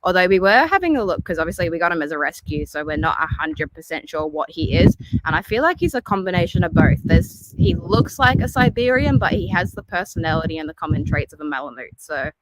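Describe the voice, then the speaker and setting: A woman's voice: on the low side, very animated, fast talker, hardly any pauses, slight background noise, poor audio. A young Australian woman with an Australian accent, chatting casually on a live stream and laughing often over a remote call. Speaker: aquarium maintenance guest.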